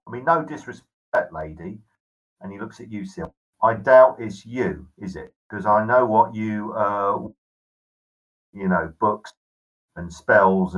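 Man playing a blunt pirate captain, gruff and firm, rough speech, muffled distant mic. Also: lowish voice. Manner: rough informal speech, drops words.

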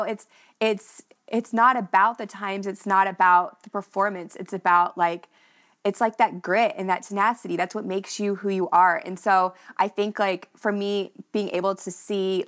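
A woman's voice: mid-range voice, fairly bright tone. A young woman speaking as a podcast guest, telling a personal running story in an emotional, heartfelt way, with many fillers like "like" and "you know".

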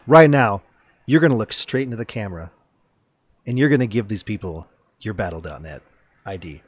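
Male host, casual gaming chat, playful hype, animated pitch. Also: brisk, husky. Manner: playful, hyping, laughing. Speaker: podcast host.

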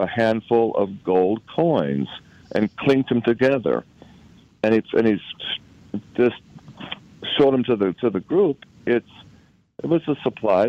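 A guest from Utah tells a personal story in conversation, speaking haltingly and often repeating words as he remembers what happened. His voice is on the low side, and the audio is dull with no room sound.

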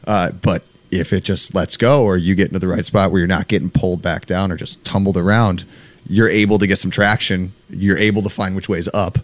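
A middle-aged man in casual chat, excitable and profane as he recounts things. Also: low voice, a little fast.

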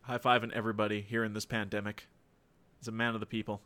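A man casually commenting on a wrestling show with a friend, relaxed, with dry jokes and trailing asides. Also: on the low side, fast talker, clean tone. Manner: relaxed, laid-back, mumbles and restarts, dry jokes.

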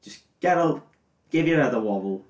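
A man's voice: medium pitch, lively intonation, moderate pace, recorded from a distance, pitched above the performer's own voice, lightly acted. A pushy, swaggering warrior bloke, crude and mocking, as a man puts him on during a comedy retelling. He sounds roomy and set back from the microphone. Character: brash blokey male warrior pushing his plan.

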